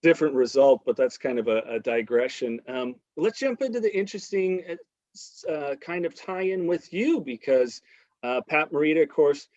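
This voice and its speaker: A man hosting a podcast interview, asking halting questions full of fillers. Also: fairly high pitch, animated, darkish tone, no room sound. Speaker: podcast host. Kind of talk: casual interview talk. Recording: dry, dull lo-fi sound.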